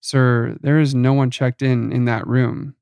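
A man voicing a rattled woman at a hotel front desk, trying to placate a caller, in a flat, gravelly voice. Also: medium pitch, unhurried, no echo. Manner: flustered, placating.

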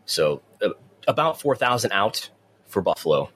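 A man's voice: lowish voice, big pitch swings, normal speed, fairly bright tone, slightly rough. A man co-hosting a podcast in casual chat, often repeating his first words as he starts a sentence. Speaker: podcast co-host.

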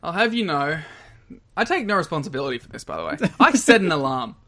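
Male co-host, fairly high, bright and forceful, mock-outraged casual banter. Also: big pitch swings, fast. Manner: mock-indignant, jokey. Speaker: podcast co-host. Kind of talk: casual chat.

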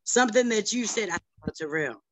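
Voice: medium pitch, animated, fairly quick, background noise. A participant on a group call, earnest and grateful as they speak. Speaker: meeting participant. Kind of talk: casual chat on a group call.

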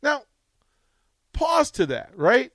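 A man hosting a radio talk show, telling a rambling, animated anecdote full of restarts, in a studio on a close mic. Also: very high-pitched, slow, no room sound. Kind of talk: casual radio storytelling.

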